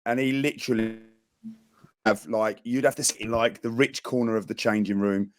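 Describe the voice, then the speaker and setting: A man's voice: on the low side, steady tone, normal speed, a little hiss or hum. A British man, a former footballer, rambling through a story on a podcast and often repeating himself. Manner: rambling, repeats words as he talks. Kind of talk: casual chat.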